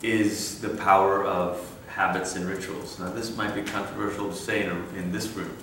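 A man's voice: sits low, little pitch movement, normal speed, noisy background. Conversational man in a roomy hall. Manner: conversational, self-interrupting, wry asides. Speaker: conference speaker. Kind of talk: church conference talk. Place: large room. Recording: echoey room, mic at a distance.

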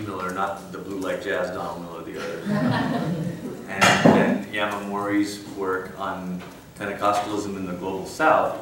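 A man's voice: low voice, fairly bright tone, slight background noise. A man giving a church conference talk to a room, conversational and wry, often breaking off for asides. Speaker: conference speaker. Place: large room. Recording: echoey room, mic at a distance.

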